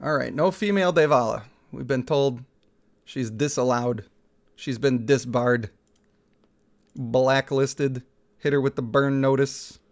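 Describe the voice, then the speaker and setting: A man's voice: medium pitch, measured pace, long pauses. A young man casually commenting on a mobile game and reading its story aloud, jokey and laughing often.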